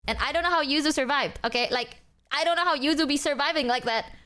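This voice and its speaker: A young woman streams and chats casually with her viewers, her voice sitting high. She rants in an animated way and swears freely as she talks. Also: fast.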